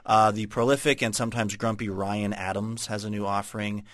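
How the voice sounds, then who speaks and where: A man's voice: lowish voice, level tone, fairly quick, a bit bright. A man hosting a radio show, chatting casually and wryly with a co-host and a guest. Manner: wry, joking.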